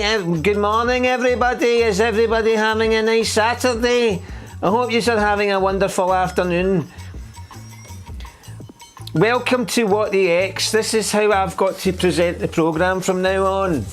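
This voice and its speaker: A man mockingly putting on an overly careful, cheery presenter voice, speaking slowly and enunciating every word in a sing-song way. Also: high voice, pitched above the performer's own voice, lightly acted.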